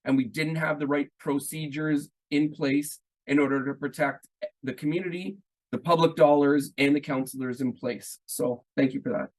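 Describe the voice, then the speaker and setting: A man's voice: a little high, fairly even intonation, moderate pace, darkish tone, rough recording. A male town councillor speaking earnestly in a council debate.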